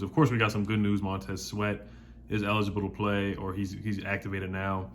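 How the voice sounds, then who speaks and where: A man's voice: lowish voice, monotone, fairly quick, slight background noise. A young man hosting a casual sports vlog, fired up and mocking rival fans, often repeating himself. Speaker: sports channel host.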